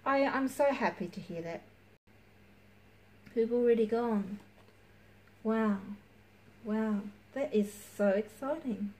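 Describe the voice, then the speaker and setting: A woman's voice: mid-range voice, takes it slowly, long pauses, warm tone, low-quality recording. A woman hosting a livestream, chatting casually and encouragingly with viewers and greeting them by name. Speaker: livestream host.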